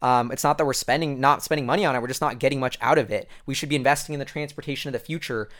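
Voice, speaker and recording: A man giving a casual, rambling commentary recap as a vlogger, excitable and full of fillers. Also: mid-range voice, very fast.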